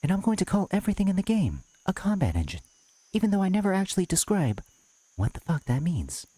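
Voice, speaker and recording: A streamer doing a sarcastic, condescending impression of another creator, taunting a viewer in chat. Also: male voice, sits high, huge pitch swings, quick pace, dark tone, no room sound, exaggerated voice. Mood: mocking.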